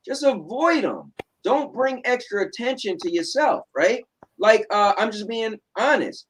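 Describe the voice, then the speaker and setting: A man's voice: high voice, lively intonation, a little slow, fairly bright tone, slight background noise, poor audio. A man from New Jersey with a New Jersey accent, hosting a casual chat show from home, talking bluntly and sarcastically. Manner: blunt, sarcastic, repeats "right?". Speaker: show host.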